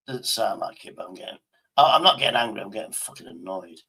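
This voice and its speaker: Gravelly, husky man, swearing nonstop. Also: lowish voice, animated, fast, pushed and bright. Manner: swears constantly, rambling, talks to himself. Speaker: livestreamer. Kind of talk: casual livestream chat.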